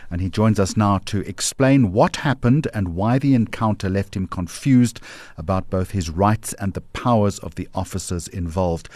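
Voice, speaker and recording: A male radio host reads a formal news lead-in in a measured, low-pitched voice. The sound is dry and close to the microphone. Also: a little mellow, dry recording. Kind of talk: scripted news introduction and interview.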